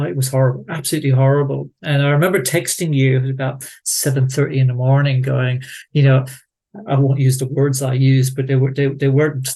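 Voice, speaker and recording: Reflective Irish man, measured speech. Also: mid-range voice, a little mellow. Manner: measured, reflective, with frequent restarts. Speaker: guest researcher. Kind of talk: casual conversational interview.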